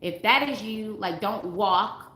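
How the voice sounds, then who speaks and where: A woman's voice: mid-range voice, measured pace, pushed and bright. A woman dating coach talking casually to livestream viewers, earnest and emphatic, repeating her points and reading comments aloud. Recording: roomy with faint background noise.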